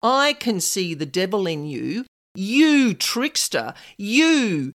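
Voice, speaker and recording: A woman voicing another woman who confronts a spirit in a demanding, forceful tone. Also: medium pitch, sing-song, slow pace.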